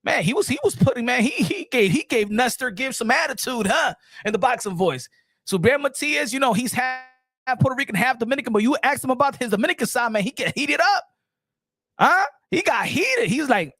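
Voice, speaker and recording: A man hosting a boxing livestream, excitable and repetitive, dropping in Spanish phrases. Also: extremely high pitch, a little fast, slightly rough, dry recording, studio quality. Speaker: boxing show host.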